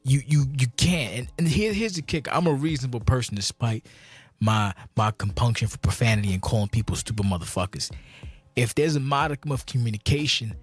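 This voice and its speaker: A man's voice: medium pitch, brisk, breathy edge, no room sound, soft background music. Heated, foul-mouthed man ranting. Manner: heated, profane, repetitive restarts, voice jumping up when outraged. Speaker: gaming channel host. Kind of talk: profane ranting vlog.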